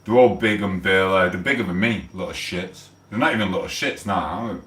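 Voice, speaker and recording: Deep-voiced ranting man in his forties. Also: normal speed, fairly bright tone. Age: 40s. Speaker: livestream host. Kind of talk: casual livestream chat. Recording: echoey room, mic held far off.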